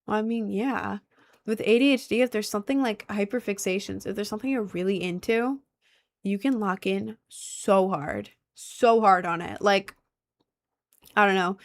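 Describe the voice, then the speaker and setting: A young adult woman livestreaming, chatting casually and reading out viewer comments in a rambling way, going loud then mumbling. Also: medium pitch, normal speed. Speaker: livestreamer and musician.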